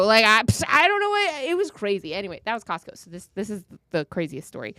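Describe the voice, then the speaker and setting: Woman co-host, animated storyteller, dry close sound. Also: medium pitch, fast, hardly any pauses, dry recording. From Florida. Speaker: podcast co-host. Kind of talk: casual chat, storytelling.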